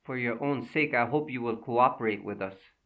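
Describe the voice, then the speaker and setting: A man's voice: mid-range voice, normal speed, pushed and bright, recorded from a distance. A man reading an audiobook, voicing a firm, formal police major making an arrest. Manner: firm, formal, soothing at times.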